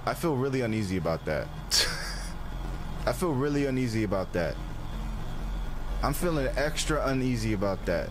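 A man's voice: mid-range voice, sing-song, normal speed, long pauses, noisy background. A young man doing goofy, slangy gameplay commentary, talking to characters and humming nonsense. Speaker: gaming streamer.

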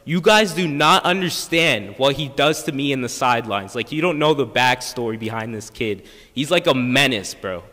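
A teenage boy doing a stand-up routine as a student performer, talking in slang and getting loud as his story builds. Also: mid-range voice, moderate pace. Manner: animated, slangy, exclaims loudly in places. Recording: echoey school studio hall.

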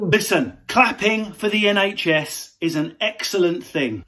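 A man's voice: high-pitched, animated, normal speed, sharp tone, slight background noise. A man, a comedian, delivering a brash, sweary, mocking comic rant.

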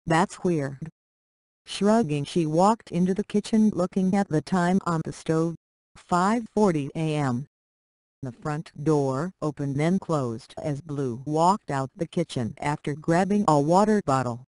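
Slow, flat-read story narration. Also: mid-range voice, no room sound. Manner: reads punctuation aloud literally.

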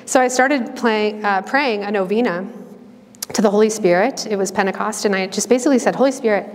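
A religious sister giving an earnest, conversational personal talk, full of fillers and restarts. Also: female voice, mid-range voice, brisk, big-room sound. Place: campus ministry hall.

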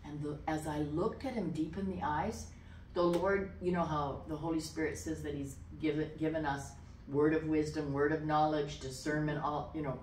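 A woman pastor telling a personal testimony in an interview, animated, dropping to a whisper when she quotes voices. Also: sits low, moderate pace, a little hiss or hum. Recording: echoey room, distant mic.

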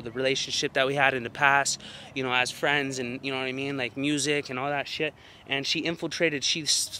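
A young man hosting his own channel rants heatedly to the camera about a personal ordeal, cursing constantly, speaking emphatically, and repeating fillers. His voice is on the high side, bright and forceful, with slight background noise.

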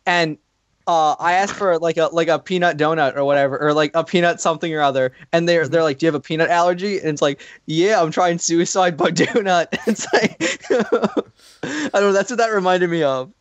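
Young guy with a high-ish voice, giggly, telling a quick story, dry audio. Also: no room sound, muffled recording. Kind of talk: casual chat.

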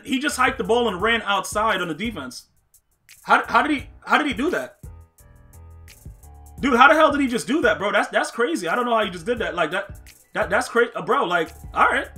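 A gaming streamer with a high, sharply bright voice commentates live over his own football gameplay, chatting with viewers as he plays. He trash-talks, answers viewers, and erupts in shouts when a play goes wrong, with faint music underneath.

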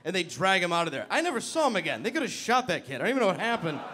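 A man performing stand-up, spinning an animated story with a lively, swooping delivery. His voice sits a little high and climbs into frantic shouting. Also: rapid-fire, background noise. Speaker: stand-up comedian.

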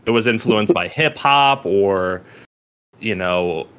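A man's voice: lowish voice, slow pace, fairly bright tone, clean tone. A young man co-hosting a casual chat about poetry, rambling with many restarts, swearing freely and laughing often. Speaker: podcast co-host.

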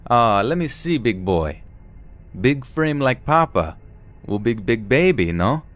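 A man's voice: medium pitch, sing-song, slow pace, voice pushed up. A man voicing a pushy middle-aged Russian woman stranger, speaking insistent broken English with a Russian accent.

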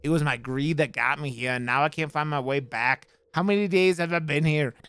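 A man's voice: on the high side, brisk, a bit bright, clean tone, no echo. A man voicing a desperate, trapped male treasure seeker, reading his note aloud in a put-on Scottish accent.

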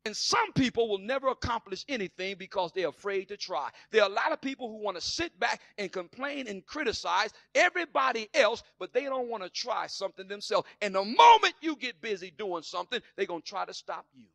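A man preaching with fire in a high, bright voice that has a gravelly rasp. He swings from soaring near-shouts down to quiet, confiding asides and slips into sassy voices for the doubters. The sound is close and dry. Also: sing-song, brisk, hardly any pauses, no echo. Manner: plays skeptics in sassy put-on voices. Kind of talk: sermon.

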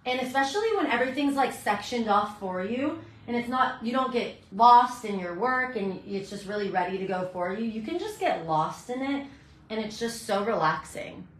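A middle-aged woman hairstylist chatting brightly while she demonstrates hair toning in a salon, teaching as she works. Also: a little high, lively intonation, moderate pace. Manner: bubbly, chatty, talks while working. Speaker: hairstylist educator. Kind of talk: live hair coloring tutorial. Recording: echoey room.

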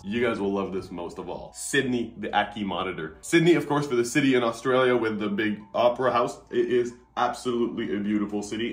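A man hosting a casual reptile vlog at home, upbeat and chatty, often tagging on "right?". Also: on the low side. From Canada. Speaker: reptile channel host. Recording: echoey room with guitar music.

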